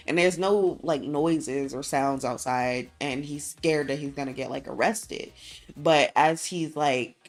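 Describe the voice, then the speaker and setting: Rambling woman streamer with a low voice. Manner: rambling, filler-heavy storytelling. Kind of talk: casual chat, retelling a dream.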